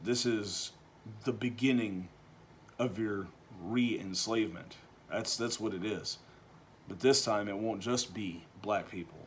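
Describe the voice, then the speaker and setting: A man from Texas, giving an opinion monologue that is full of restarts and swings between quiet, low stretches and loud, animated bursts. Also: a little hiss or hum. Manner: halting, with frequent restarts and repeated words. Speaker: vlogger.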